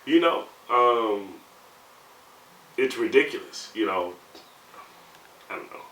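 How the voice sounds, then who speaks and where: Thirties man, conversational, heats up telling stories; bright timbre, recorded in a roomy space. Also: mid-range voice, expressive, slow. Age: 30s. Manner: conversational, heated when recounting, many "you know" fillers. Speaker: navy sailor interviewee. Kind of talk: candid personal storytelling. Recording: roomy sound, mic at a distance, faint background hum.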